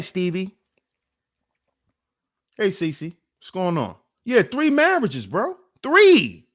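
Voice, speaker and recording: Man, livestream rant, mocking, scolding, drawn-out delivery. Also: very high voice. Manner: mocking, scolding, repeats taunts. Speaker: channel host commentator.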